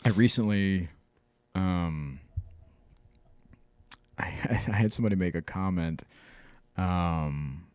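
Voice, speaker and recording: A man's voice: deep voice, slow pace, long pauses, darkish tone, clear, resonant tone, dry recording. A man co-hosting a podcast in casual chat, telling stories animatedly, mimicking other people and swearing freely. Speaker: podcast co-host.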